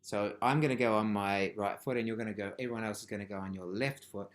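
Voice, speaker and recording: A man teaching a live online rhythm workshop, chanting rhythmic words and dropping from loud calls to whispers. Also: on the low side, steady tone, fast. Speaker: music teacher. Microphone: video call.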